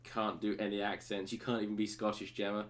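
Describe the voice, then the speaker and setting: A man's voice: on the low side, level tone, brisk. A man hosting a casual live stream, teasing and bantering crudely. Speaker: stream host.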